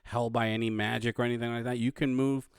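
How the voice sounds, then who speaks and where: Brief: casual DM, mid-pitched man, restarts a lot, dry close mic. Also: little pitch movement, smooth, no echo. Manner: halting, full of restarts and laughs. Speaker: dungeon master. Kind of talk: narrating a tabletop game.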